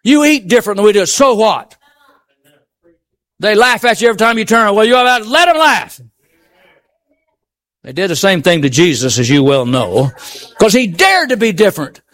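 A man preaching a sermon, emphatic and full of rhetorical questions, swinging between raised exclamations and low murmurs. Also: very animated, brisk, pauses often, a bit bright.

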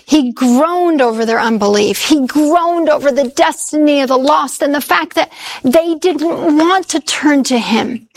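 A woman preaching a sermon, quoting scripture and slowing down to stress key words. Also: high voice, gravelly. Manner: expressive, slows down for emphasis when quoting scripture.

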